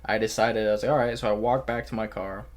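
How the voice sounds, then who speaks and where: A man's voice: lowish voice, flat delivery, fast talker. A man hosting a podcast, telling a story in casual chat, full of slang and swearing, acting out the people he quotes. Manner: swearing, slangy, calls the listener bro. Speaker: podcast host.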